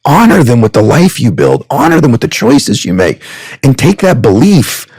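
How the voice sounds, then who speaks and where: Gravelly, earnest man in his fifties. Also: medium pitch, sing-song, normal speed, a little mellow, no echo. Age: 50s. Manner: earnest, emotional, sermon-like. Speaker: podcast guest. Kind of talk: heartfelt storytelling.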